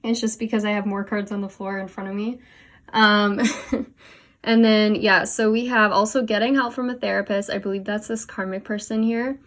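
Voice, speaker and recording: A woman's voice: medium pitch, flat delivery, moderate pace, a bit bright. A young woman doing a casual tarot reading at home, talking with many fillers and a little out of breath as she leans over her cards. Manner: chatty, many "like" and "um" fillers, laughs at herself. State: a bit out of breath. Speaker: tarot reader. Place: home room, kneeling over cards on the floor.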